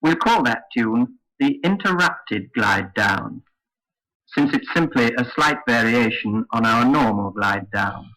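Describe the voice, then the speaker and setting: A man teaching English intonation in a slow, careful, scripted lesson. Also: medium pitch, animated, bright, forceful tone, poor audio. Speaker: phonetics teacher. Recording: old lesson recording.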